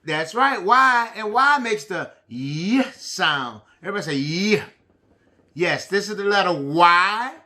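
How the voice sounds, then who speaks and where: A man teaching a preschool lesson, prompting the children in an animated, sing-song call and response. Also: high voice, a little slow.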